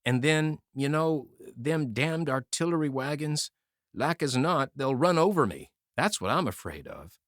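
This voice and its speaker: A man voicing a tall wounded soldier who speaks in a monotonous, bewildered way. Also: sits high, moderate pace, dry recording, clean studio sound, voice pushed up, heavily acted. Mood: fearful. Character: tall wounded male soldier, dazed and frightened.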